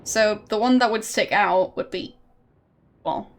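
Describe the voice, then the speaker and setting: A woman's voice: mid-range voice, a little slow, a little hiss or hum. A young woman streamer with a faint Austrian German accent blended with British tones, chatting casually and hesitantly while gaming. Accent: slight Austrian German, mixed with British. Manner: hesitant, thinking aloud, laughs often.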